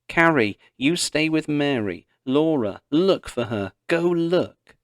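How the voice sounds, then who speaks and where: A man's voice: fairly high pitch, expressive, slow pace, no room sound, clean studio sound, voice pushed up. A man reading the part of an alarmed pioneer mother giving urgent orders to her daughters. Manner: urgent, commanding.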